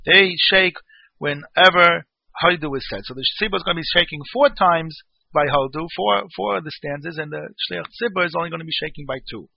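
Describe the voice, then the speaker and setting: A man's voice: fairly high pitch, brisk, vocal fry, no room sound, lo-fi sound. Man explaining law text. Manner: reads Hebrew phrases then explains in English. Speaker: Torah teacher.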